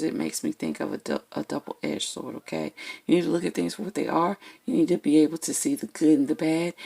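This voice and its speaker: A woman's voice: low voice, vocal fry, darkish tone, breathy edge. A woman giving a casual, blunt tarot reading to her viewers, checking in with "okay?" after nearly every point. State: has the hiccups. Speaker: tarot reader.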